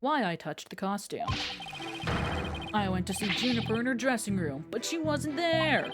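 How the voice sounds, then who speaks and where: A woman voicing an excitable teenage boy who is a prosecutor student, loud and jumpy. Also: a little high, moderate pace, loud music behind the voice, close to an everyday voice. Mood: flustered.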